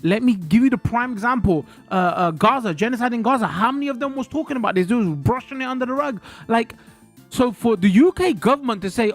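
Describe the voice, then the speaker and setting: Brief: male streamer, high voice, sweary animated rant, faint music behind. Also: brisk. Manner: animated, swearing, ranting to chat. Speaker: livestreamer. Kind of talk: casual livestream chat. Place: hot indoor room with a fan.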